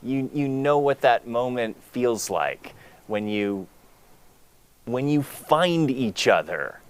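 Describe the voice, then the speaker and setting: Earnest, rambling male co-host with an animated voice. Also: mid-range voice, takes it slowly, smooth. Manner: earnest, rambling, many fillers and restarts. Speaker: gala co-host. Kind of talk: heartfelt live co-hosting.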